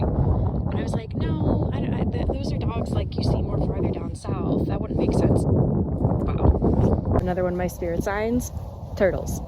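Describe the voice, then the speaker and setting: A woman's voice: mid-range voice, heavy background noise. A woman chatting through a casual travel vlog in an enthusiastic, chatty way. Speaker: travel vlogger.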